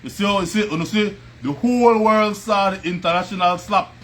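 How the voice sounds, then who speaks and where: His voice sits high and fairly bright at normal speed as this Belizean Creole English–accented man hosts a casual livestream from home. Music plays in the background. He chats, laughs often and says hello to viewers by name.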